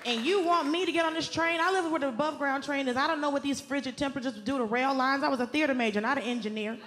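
High-voiced woman doing stand-up. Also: quick pace, noisy background. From Southern US, Atlanta. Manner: animated, exasperated, shouting punchlines and mimicking voices. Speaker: stand-up comedian. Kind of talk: stand-up comedy. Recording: club stage mic with loud crowd laughter. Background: audience laughter and ambience.

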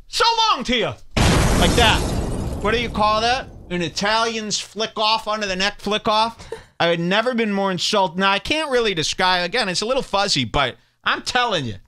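A man's voice: sits high, normal speed, sharp tone. A man hosting a podcast, ranting sarcastically and hurling insults while commenting on clips. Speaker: podcast host.

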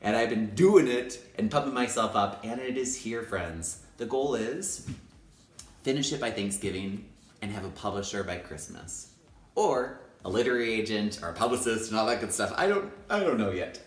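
A young adult male teacher vlogging in an enthusiastic, playful way. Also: moderate pace. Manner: enthusiastic, playful, acts out high-pitched quoted voices. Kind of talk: upbeat casual vlog talk. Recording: echoey room.

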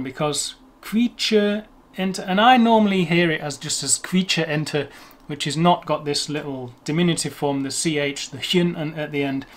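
English man, lightly raised voice, casual teacher, sounds out words slowly, self-mocking asides. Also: fairly high pitch. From England. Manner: chatty, self-deprecating, slows to sound out words. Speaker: language teacher. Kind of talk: casual explanatory lesson.

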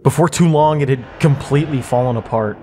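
A man reads a horror story at a middle pitch, measured and suspenseful. His delivery stays steady and drawn out, with a faint hiss behind it. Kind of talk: scripted creepypasta narration.

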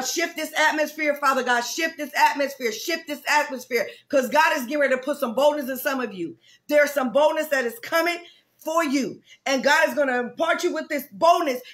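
High-voiced woman pastor, fervent preaching. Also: fairly bright tone. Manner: fervent, repetitive preaching with conversational asides. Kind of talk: prayer meeting sermon.

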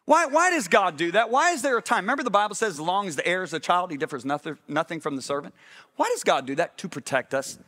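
Middle-aged male preacher, slightly high-pitched, animated sermon delivery with constant questions to the congregation. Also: fast.

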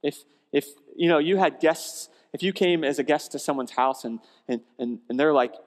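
A male pastor preaching a sermon in a conversational, animated storytelling way, often restarting phrases, in a church sanctuary. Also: a little high, moderate pace. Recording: long church hall reverb.

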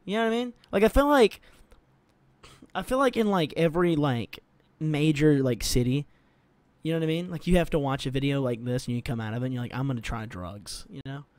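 A man's voice: a little high, fairly quick, smooth, dry recording. A young man hosting a music reaction video, chatting casually and rambling with lots of swearing and jokes. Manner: rambling, profane, jokey, animated.

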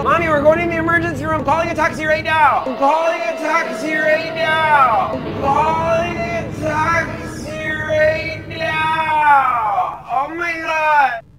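A man's voice: high-pitched, fairly bright tone, slight background noise. A man playing a bratty, dramatic teenage girl who bakes, in a gossipy valley-girl manner full of "like". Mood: panicked. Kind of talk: mockumentary comedy monologue.

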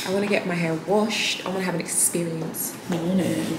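A woman's voice: fairly low pitch, a little fast. A young woman talking casually to her viewers in a chatty vlog. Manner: chatty and animated, talks to viewers. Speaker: vlogger. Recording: echoey room with noise.

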